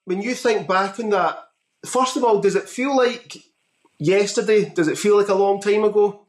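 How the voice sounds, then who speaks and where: A man hosting a rock interview, asking questions in a halting, rephrasing way. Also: sits high, roomy sound, recorded from a distance. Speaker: podcast host.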